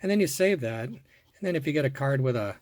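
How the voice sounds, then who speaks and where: A middle-aged man hosting his own collecting video, casually talking through his finds and getting excited over the rare ones. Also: medium pitch, quick pace. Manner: muttering softly while working, then bursting into excitement. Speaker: toy car collector and video host. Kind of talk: casual hands-on show-and-tell.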